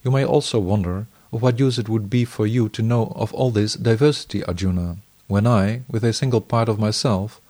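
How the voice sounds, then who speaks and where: A man reading scripture aloud in the first person, measured, in short phrases. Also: lowish voice, warm tone.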